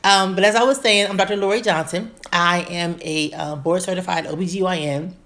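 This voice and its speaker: A woman's voice: fairly low pitch, steady tone, a little fast, a bit bright. A woman in her forties, a gynecologist, chatting casually on her first live stream, bubbly and greeting viewers by name with many fillers.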